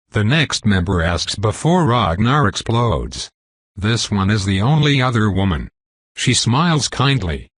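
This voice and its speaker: A man reading a first-person novel aloud in a measured, even way. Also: on the low side, breathy edge, no echo. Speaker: audiobook reader.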